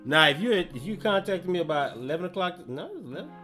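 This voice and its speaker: A man's voice: high-pitched, sing-song, fast, sharp tone. Rambling slangy male gaming streamer. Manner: loose, slangy, rambling, lots of self-talk. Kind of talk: casual live-stream chat. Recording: faint music behind.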